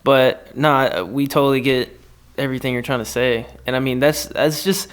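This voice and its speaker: Male co-host, upbeat and profane, smooth clear mid-pitched voice. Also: moderate pace. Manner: laughs often, profane, upbeat. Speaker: podcast co-host. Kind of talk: casual podcast chat.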